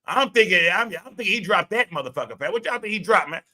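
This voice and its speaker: A man hosting a livestream, loud and profane, reacting to his chat in casual commentary. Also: high voice, animated, fast talker. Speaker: livestream host.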